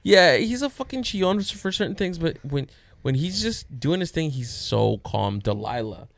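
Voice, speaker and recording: A man's voice: normal speed, creaky. A man in his thirties hosting a casual podcast chat, telling stories about his kids, swearing freely and laughing often. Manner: animated storyteller, swears a lot, jumps into high voices quoting his daughter. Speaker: podcast host.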